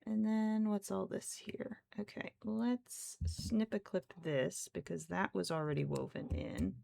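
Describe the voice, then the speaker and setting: A woman's voice: mid-range voice, steady tone, a little slow, vocal fry, dark tone, no echo. A woman streamer chatting casually while crafting, who talks to her cats in baby talk.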